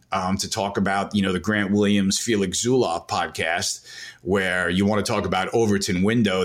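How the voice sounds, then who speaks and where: A man with a lowish voice talks through markets on a podcast. He rambles and stacks up fillers, but he pushes his points hard. It is loose, casual conversation. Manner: rambling, emphatic, many fillers. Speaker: guest macro analyst.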